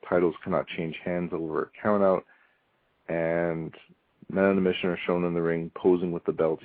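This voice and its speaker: A deep-voiced man talks through a casual solo review, rambling with lots of ums and dry, wry asides. His voice comes through a tinny, phone-like line. The sound is flat and dead, with no room around it. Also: dry recording. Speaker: podcast host reviewing wrestling.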